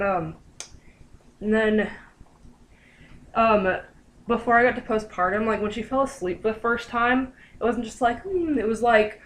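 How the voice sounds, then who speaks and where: In a low-quality recording, a young woman vlogger with a medium-pitched voice tells her viewers a personal story. Her style is chatty and filler-heavy, and she acts out what people said with animated quoting.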